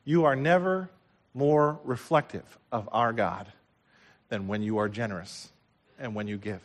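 A man preaching a sermon as pastor, impassioned, swinging from loud declarations to hushed, and repeating phrases for emphasis. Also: mid-range voice, a little slow.

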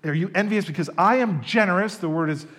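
A man pastor preaching a sermon, telling stories in an animated, emphatic way. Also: high voice, quick pace.

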